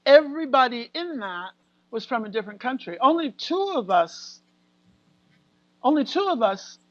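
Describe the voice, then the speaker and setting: Woman, American, actress guest, animated storyteller, dry dull-sounding recording. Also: on the high side, moderate pace, dry recording. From United States. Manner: animated storyteller, acts out quotes and laughs often. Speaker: guest actor. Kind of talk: casual interview chat.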